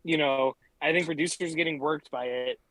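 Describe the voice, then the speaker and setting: A man's voice: on the high side, fairly even intonation, moderate pace, fairly bright tone, no echo, poor audio. A man co-hosting a casual podcast chat over a video call, laid-back and swearing freely. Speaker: podcast co-host.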